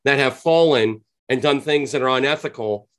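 A man in a relaxed interview, talking earnestly and explaining his points step by step. His pitch sits in an ordinary middle range, and he slows down to lean on the words that matter. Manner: earnest, explanatory, drawn-out emphasis on key points. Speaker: podcast guest, sales trainer. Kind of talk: conversational interview answer.

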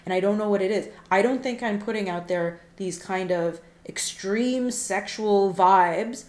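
An animated woman co-hosting a chat show, telling her own stories and acting out the texts she got. Her voice sits in a middle register. The recording has a roomy echo. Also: mid-range voice, a little slow. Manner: animated, acts out quoted texts. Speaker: podcast co-host. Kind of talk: casual chat, storytelling.

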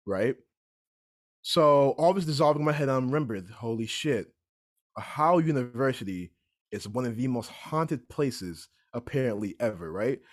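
A man's voice: mid-range voice, normal speed. Young man telling a story casually. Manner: animated, repeats "right?" and "I'm like". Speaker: podcast guest storyteller.

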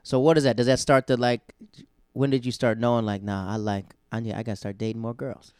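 A man's voice: medium pitch, quick pace, smooth, dry recording, clean studio sound. Easygoing young man hosting a podcast. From North Carolina. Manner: easygoing, asks questions, animated storyteller. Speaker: podcast host. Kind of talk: casual podcast chat.

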